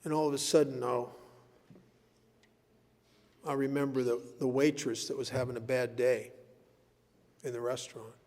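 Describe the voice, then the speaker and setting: A man speaking at a recovery meeting, telling stories in an animated way and laughing at his own tales. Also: mid-range voice, normal speed, long pauses. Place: meeting hall. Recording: echoey hall recording.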